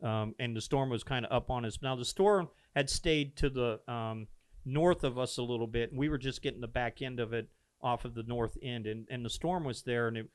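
A man, a pastor, telling a founding story in a casual podcast conversation, earnest and animated, acting out the dialogue. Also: mid-range voice, fairly quick, clear, resonant tone, dry recording. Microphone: podcast microphone.

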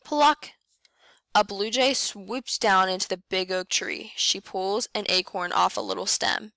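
A woman reading a picture book aloud to young children, slow and clear, with playful animal sounds. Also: no echo. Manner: reads slowly and clearly, voicing animal sounds with lively jumps in pitch. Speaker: first grade teacher reading aloud.

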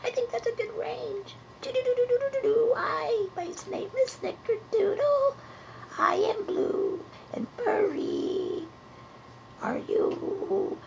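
A woman's voice: extremely high pitch, drawn-out words, vocal fry, a little hiss or hum, pitched above the performer's own voice, exaggerated voice. A woman voicing a shy blue furry puppet creature, unsure and playful as she searches for its voice in improvised comedy. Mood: silly.

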